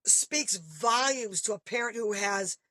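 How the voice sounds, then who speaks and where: A woman's voice: mid-range voice, a little slow, no echo. A middle-aged woman, a parent, talking casually and animatedly, acting out the people she quotes. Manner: animated storyteller, acts out quoted voices. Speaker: guest parent. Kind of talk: casual podcast conversation.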